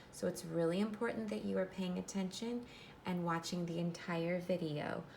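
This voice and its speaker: A woman teacher reads a storybook aloud to her class, clear and instructive, stopping now and then to explain. Her voice sits on the low side, with slight background noise.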